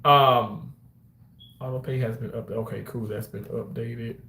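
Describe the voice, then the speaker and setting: A man chatting casually with his viewers on a livestream, animated and quick to exclaim. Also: mid-range voice, reverberant.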